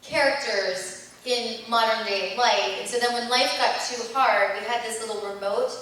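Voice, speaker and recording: A middle-aged actress telling chatty anecdotes with fillers and laughs at a convention panel. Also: female voice, a little high, fairly even intonation, moderate pace, a bit bright. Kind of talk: convention Q&A storytelling. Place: large indoor convention hall. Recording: echoey convention hall from far off, faint noise.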